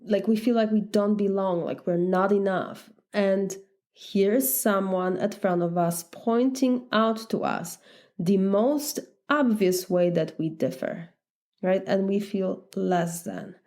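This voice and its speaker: Polish accented woman, life coach podcast, earnest chatty monologue, middle pitch. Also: slow, a little mellow. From Poland. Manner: earnest, conversational, sometimes laughing.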